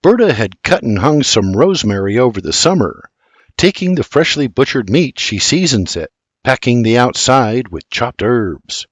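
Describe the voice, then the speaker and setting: An older man reading a historical storybook in a measured narration. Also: mid-range voice, sing-song, no echo. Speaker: audiobook narrator.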